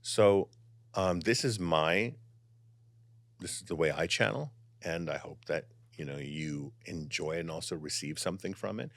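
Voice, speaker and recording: A man with a low, deep voice speaks as a channeler guest in a conversation. He is animated and expressive, then shifts into slow, calm meditation guidance. The sound is close and dry, with no room echo. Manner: animated and expressive, softening into calm guided instruction. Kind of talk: casual conversation and guided meditation.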